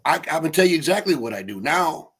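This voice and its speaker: A man's voice: a little high, sing-song, quick pace, breathy edge. A man talking bluntly in a casual recovery group chat, swearing freely. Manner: blunt, swears freely, laughs through stories.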